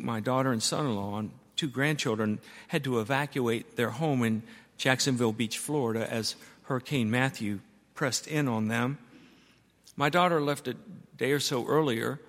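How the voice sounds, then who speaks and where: An older man preaching a sermon as pastor, telling stories and repeating key words for emphasis. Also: mid-range voice. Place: church sanctuary. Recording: long reverb of a church.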